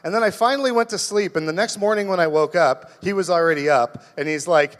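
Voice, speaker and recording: A man from Canada doing a rambling, self-deprecating stand-up set, halting and restarting, on a live comedy stage. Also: sits high, long reverb tail.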